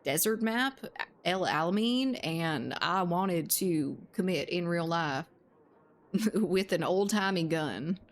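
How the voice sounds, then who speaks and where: A woman's voice: fairly low pitch, slight background noise. A woman game streamer in casual live-stream chat, laughing often, swearing freely and answering her viewers.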